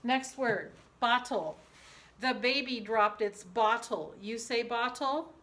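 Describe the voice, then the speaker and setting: A woman teacher dictating a spelling lesson to young pupils, slowly sounding out each syllable. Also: fairly high pitch, a bit bright. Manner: slow, deliberate, sounding out syllables. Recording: echoey room.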